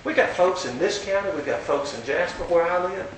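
A man's voice: lively intonation, brisk. A man preaching a storytelling sermon, folksy and earnest. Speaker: pastor. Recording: very echoey hall, distant mic, faint rumble.

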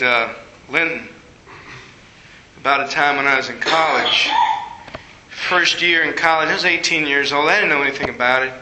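A man preaching a sermon, telling a personal story and jumping higher in pitch when he acts out his younger self. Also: sharp tone, echoey room, low-quality recording. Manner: storytelling, rising high when acting out his past self.

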